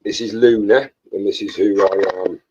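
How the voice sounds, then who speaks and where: A man co-hosting a hobby livestream in casual chat, laughing often and talking softly to a dog. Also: on the low side, fairly even intonation, normal speed, slightly rough. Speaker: co-host of a modelling livestream. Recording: dull lo-fi stream audio.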